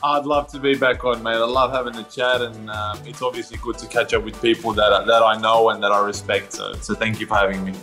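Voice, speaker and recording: A young Australian man, a footballer guest, telling lively stories with laughs and slang over a remote call. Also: fairly low pitch, a little fast, few pauses, music in the background. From Sydney, Australia. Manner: animated, laughing, slangy with "mate" and "bro". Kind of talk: casual storytelling interview.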